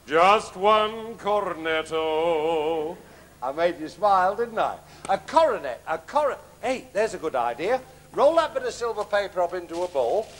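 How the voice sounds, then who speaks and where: A kindly, bumbling pantomime father who cracks puns and mutters asides, voice fairly high and lively in pitch. The performance is live theatre comedy. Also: measured pace, slight background noise, full character voice. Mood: doting. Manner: gentle, punning, mumbling asides. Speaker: comic actor. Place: theatre stage.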